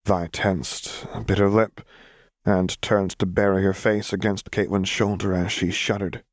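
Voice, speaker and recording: A man narrating a fan fiction audiobook in a steady, unhurried storytelling manner. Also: low-pitched, no echo, studio quality.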